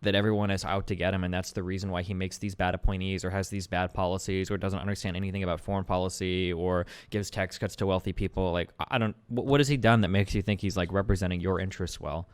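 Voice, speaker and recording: A man's voice: sits low, fairly even intonation, clear, resonant tone. A man hosting a stream, arguing politics casually with a caller, blunt and full of fillers and swearing. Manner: talks fast with many fillers, blunt and swearing. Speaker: streamer host debating a caller.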